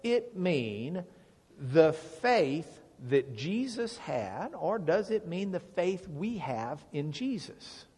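A man giving Bible teaching to a congregation, explaining with lively questions to the room. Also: on the high side, slow, slightly rough. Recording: long reverb of a large hall.

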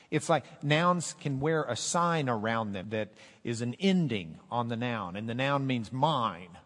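A man preaching a sermon as pastor, rising loud and high when he quotes scripture and dropping low and quiet to explain. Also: breathy edge. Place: church sanctuary. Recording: echoey hall.

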